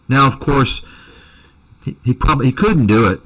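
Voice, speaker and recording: A man's voice: mid-range voice, lively intonation, normal speed, long pauses, a bit bright, rough recording. A man hosting a commentary channel, delivering a combative, accusatory rant to his viewers that is full of repeated insults.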